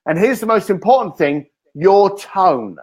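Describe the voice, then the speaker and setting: A man, a guest author in an interview, telling energetic stories and acting out the lines he quotes. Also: high-pitched, unhurried. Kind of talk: animated interview talk.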